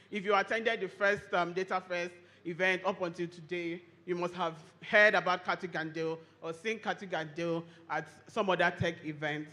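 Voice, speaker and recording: A Nigerian woman, a lawyer and firm co-founder, giving a lively, chatty conference talk and teasing the audience. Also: mid-range voice. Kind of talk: conference presentation with audience interaction.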